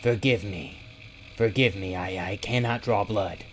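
A man reading an audiobook and voicing a big, gentle, timid male owlbear who speaks hesitantly and stammers. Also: medium pitch, measured pace, slight background noise, lightly acted. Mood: fearful.

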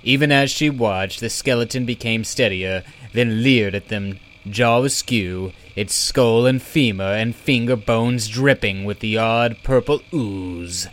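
A man narrating a storybook in a slow, measured reading. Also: lowish voice, fairly bright tone. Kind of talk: audiobook narration.

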